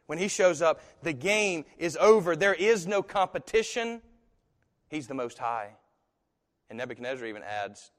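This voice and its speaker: A man preaching a sermon as pastor, talking in a conversational, animated storytelling way with asides. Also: fairly high pitch, normal speed. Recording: echoey hall.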